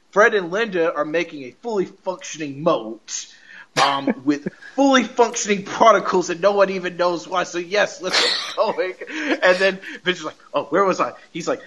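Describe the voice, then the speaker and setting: Man, high bright voice, casual recap, frequent laughter, animated retelling. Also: dull audio. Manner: laughing often, animated retelling with quoted lines. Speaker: podcast host.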